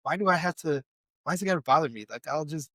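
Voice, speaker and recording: Rambling chatty man, fairly high voice. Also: animated, fast talker, bright, forceful tone, no room sound. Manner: rambling, self-deprecating, with many fillers and restarts. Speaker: podcast co-host. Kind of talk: casual chat.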